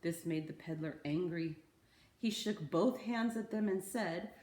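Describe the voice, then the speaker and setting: A woman reading a picture book aloud to children, expressive with dramatic pauses. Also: fairly low pitch, roomy sound. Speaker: children's story reader.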